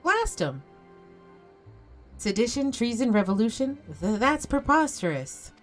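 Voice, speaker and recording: A woman's voice: a little high, big pitch swings, measured pace, faint music behind, pitched above the performer's own voice. A woman voicing a scheming male merchant villain, haughty and indignant in a theatrical way.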